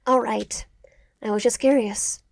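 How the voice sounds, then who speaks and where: A quiet, curious young yandere man from a dating game asks soft, probing questions. A woman reading the game voices him close to the mic in a dry sound, barely changing her own voice. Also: on the high side, fairly even intonation, a little slow, gravelly, dry recording.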